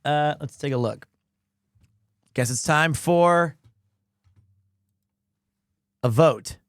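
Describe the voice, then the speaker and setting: A man's voice: on the high side, drawn-out words, smooth, dry recording, clean studio sound. A man streaming a game live, commenting playfully and animatedly as he plays.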